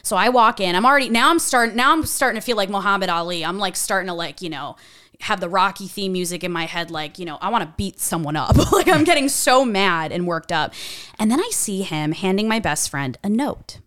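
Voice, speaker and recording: A young woman tells a personal story in a casual, animated voice. She leans on "like" and swears freely. Her voice is smooth and clean, recorded dry with no room sound. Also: medium pitch, a little fast, no room sound. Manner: animated, chatty, swears freely, says "like" often.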